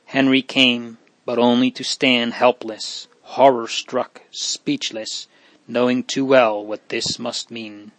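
A man narrating an audiobook in a hushed, solemn and measured way, with a steady, flat melody at a mid pitch. The recording is close and dry, with no room sound behind him. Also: dry recording. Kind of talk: audiobook reading.

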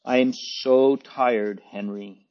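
A man's voice: medium pitch, lively intonation, measured pace, pitched above the performer's own voice. Man doing a faint, exhausted sick boy. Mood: weary. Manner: faint, weary. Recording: dull lo-fi recording.

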